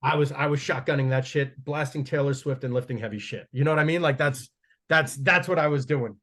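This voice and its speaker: A man's voice: medium pitch, fairly quick, fairly bright tone. A man, a strength coach guest on a podcast, telling stories in a casual, profane and rambling way with frequent restarts.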